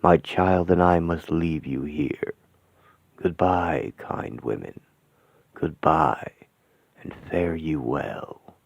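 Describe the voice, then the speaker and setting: A man's voice: gravelly, dry recording, exaggerated voice. A man voicing a solemn, formal ancient father figure in a radio play. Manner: slow, deep, formal farewell speech. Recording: thin phone-like, dry sound.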